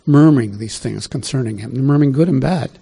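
A man's voice: medium pitch, brisk, gravelly, dark tone, husky. A man preaching a conversational sermon, reading scripture aloud and asking his listeners questions along the way. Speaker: pastor. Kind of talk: sermon Bible teaching.

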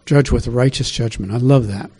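A man's voice: mid-range voice, normal speed, mellow, slightly rough. A man preaching a conversational sermon, reading scripture aloud and asking his listeners questions along the way. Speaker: pastor. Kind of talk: sermon Bible teaching.

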